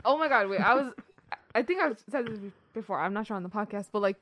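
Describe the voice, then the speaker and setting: A woman's voice: medium pitch, expressive, fast talker, a bit bright, a little hiss or hum. A young woman co-hosting a podcast, chatting casually with friends, giggly and teasing. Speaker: podcast co-host. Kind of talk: casual chat among friends.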